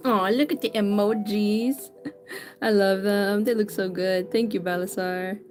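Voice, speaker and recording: A woman's voice: medium pitch, fairly even intonation, unhurried, a little mellow, faint music behind. A woman chatting casually with viewers while drawing on a livestream, greeting people by name and often stumbling and correcting herself. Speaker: livestreaming artist.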